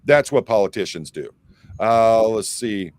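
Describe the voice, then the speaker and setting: A man's voice: fairly low pitch, expressive, unhurried, a little mellow, no echo. A man from the Detroit area hosting a casual livestream, reading viewer comments aloud and rambling with plenty of fillers. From Michigan, near Detroit. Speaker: livestream host reading chat.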